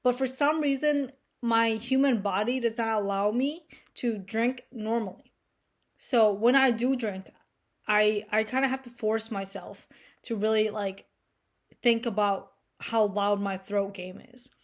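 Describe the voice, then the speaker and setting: A young woman talking straight to camera in a loose, joking monologue, slightly high in pitch. She rambles through her story with lots of fillers and casual swearing, playful and self-mocking. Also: steady tone, measured pace. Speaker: vlogger.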